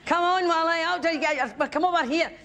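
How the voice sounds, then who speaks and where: A woman's voice: very high-pitched, fairly even intonation, brisk, fairly bright tone, voice pushed up. Woman doing a drunk, brash Glasgow heckler. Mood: drunk, bickering. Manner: slurred, brash, bickering with her man. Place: large theatre stage. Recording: live theatre, audience laughter, band music.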